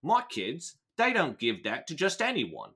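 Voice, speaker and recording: A man's voice: fairly high pitch, huge pitch swings, a little slow, fairly bright tone, husky, pitched above the performer's own voice, full character voice. An American man reading a male gang boss's lines in a put-on London accent. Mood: menacing. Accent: put-on London, wobbly.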